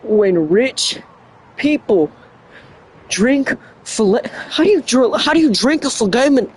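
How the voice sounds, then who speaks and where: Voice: medium pitch, lively intonation, slow pace, a little mellow, a little hiss or hum. A young adult streamer chatting casually on a livestream, stumbling over words, laughing often and mocking themself. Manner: laughs often between lines.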